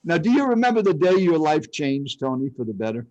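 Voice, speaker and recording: This speech coach, an older Arizona man, is interviewed and spins animated, dramatic tales from his own life. He speaks a little high and a little fast; the audio sounds dull, without any room sound.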